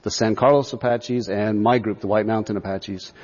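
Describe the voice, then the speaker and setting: A man from northeastern Arizona, a guest on a radio interview, telling stories in a relaxed way and laughing easily. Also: lowish voice, normal speed, big-room sound, lo-fi sound.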